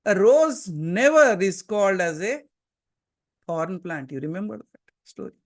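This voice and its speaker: A man with an Indian accent, high-pitched and unhurried with big pitch swings, delivers a satsang sermon seated before a gathering. As a spiritual teacher he pushes his listeners with earnest, emphatic questions, shifting into Hindi partway through.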